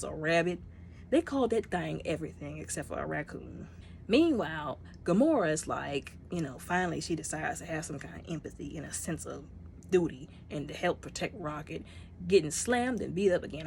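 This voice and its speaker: A woman's voice: on the low side, darkish tone, slight background noise. A woman giving a casual spoken movie review, retelling scenes and acting out the characters' lines.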